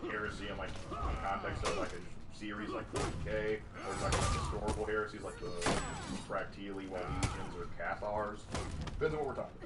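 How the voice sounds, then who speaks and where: A man co-hosting a game stream in casual chat, rambling quickly and animatedly as he reads viewer questions. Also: on the low side, fairly even intonation. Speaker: stream co-host reading chat. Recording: distant echoey mic with loud noise.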